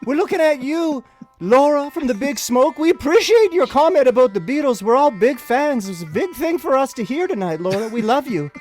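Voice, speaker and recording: A man's voice: very high-pitched, lively intonation, brisk, a little mellow, soft background music, pitched above the performer's own voice. A man voicing a creepy-sweet male children's show host with a put-on thick South Carolina drawl, cooing and drawn out. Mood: doting.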